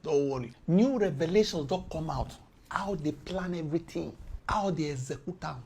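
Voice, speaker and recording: Husky woman with a Nigerian Pidgin accent. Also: sits low, moderate pace. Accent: Nigerian Pidgin English. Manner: animated, swings loud and soft, laughs between points. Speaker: commentator. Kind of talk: casual explainer talk.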